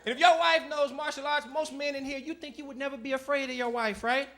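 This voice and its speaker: On a comedy club stage, a stand-up comedian with a very high voice tells stories at a quick pace, animatedly switching into voices for his family members. The live recording carries a loud audience.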